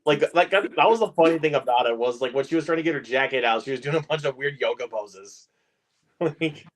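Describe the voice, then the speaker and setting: A man's voice: mid-range voice, brisk. A man in casual chat who rambles, says "like" constantly and laughs often.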